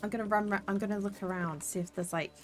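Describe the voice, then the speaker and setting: A woman's voice: mid-range voice, fairly even intonation, quick pace, faint music behind. A woman streaming a video game, chatting in a playful, sweary way as she plays. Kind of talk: casual gameplay commentary.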